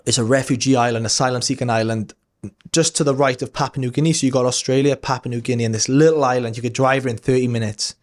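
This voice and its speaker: A man's voice: medium pitch, fairly even intonation, quick pace. A man, a podcast guest telling a story in a candid, rambling way, with casual swearing and lots of fillers. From Wales.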